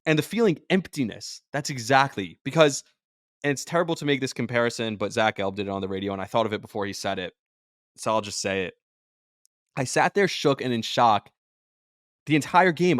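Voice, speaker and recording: A man's voice: medium pitch, lively intonation, brisk, dry recording, studio quality. A man hosting a sports podcast, talking in an emotional, rambling way that jumps between thoughts and sounds drained. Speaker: podcast host and sports radio personality.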